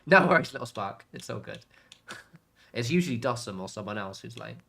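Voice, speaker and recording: A man's voice: medium pitch, lively intonation, fairly quick, gravelly, a bit bright, a little hiss or hum. A young English man streaming a game, chatting casually in a rambling way with lots of fillers and the odd swear word. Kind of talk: casual chat while gaming.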